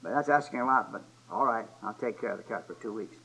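A man's voice: on the low side, fast, sharp tone, voice pushed down, low-quality recording. An old man telling of a sweet-talking henpecked husband.

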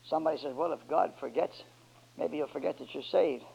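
A man preaching a sermon, moving from quiet low passages to loud, drawn-out, shouted climaxes with emphatic words that call for a response. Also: gravelly, husky. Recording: dull lo-fi church recording.

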